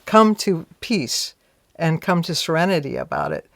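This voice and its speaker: Woman guest chatting reflectively, gravelly edge, dry close sound. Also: low-pitched, huge pitch swings, moderate pace, fairly bright tone, dry recording. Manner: reflective, frequent "you know" and restarts, acts out her own thoughts. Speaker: interview guest. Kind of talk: casual conversational interview.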